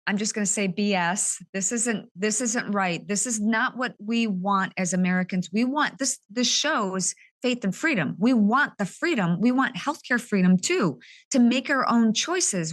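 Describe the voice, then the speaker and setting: A woman hosts an interview show in an earnest, emotional way. Her voice sits a little higher than most women's. She speaks with open indignation. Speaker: podcast host. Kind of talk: conversational interview.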